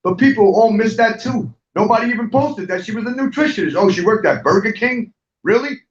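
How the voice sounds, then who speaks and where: A man's voice: high-pitched, expressive, fairly quick, muffled recording. Angry ranting man, distant roomy mic. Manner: angry, profane, repetitive, talks straight at viewers. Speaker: host of an online talk show. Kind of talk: heated livestream rant.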